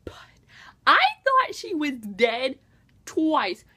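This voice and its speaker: Young woman, book vlogger, casual, gushing, bright voice, fairly high pitch. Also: unhurried. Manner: gushing, animated, quotes her own reactions. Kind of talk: excited casual book review.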